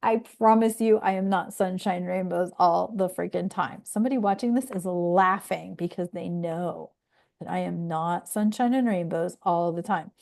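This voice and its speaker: A woman's voice: on the low side, creaky, darkish tone. A woman astrology coach chats straight to her audience, blunt and profane. She rambles off on tangents, circling back with "right?" and "like.". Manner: candid, swears freely, rambling asides. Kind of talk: casual monologue.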